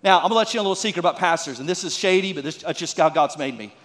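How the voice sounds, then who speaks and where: A man's voice: fairly high pitch, racing, a bit bright, long reverb tail. A man preaching a folksy sermon as a pastor, with joking asides and calls to the congregation.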